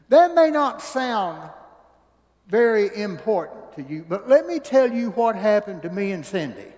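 High-voiced preacher in an echoey hall. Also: male voice. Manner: folksy storytelling, swings from hushed to booming. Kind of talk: sermon. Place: church sanctuary. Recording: church hall reverb.

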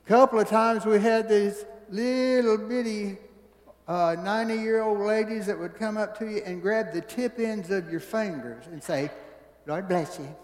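A high-pitched male preacher delivers a sermon in folksy storytelling fashion. He drops to hushed asides and then rises to booming exclamations. His voice rings with the long reverb of a church hall. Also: a little slow. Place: church sanctuary.

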